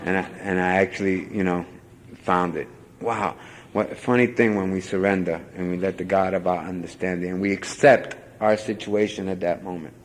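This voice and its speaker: Low-ish guy telling his recovery story, lots of "you know", bit of background hum. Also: fairly even intonation, normal speed, poor audio. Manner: rambling, heavy "you know" fillers, self-mocking. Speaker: speaker sharing recovery story at a convention. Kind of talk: personal testimony talk.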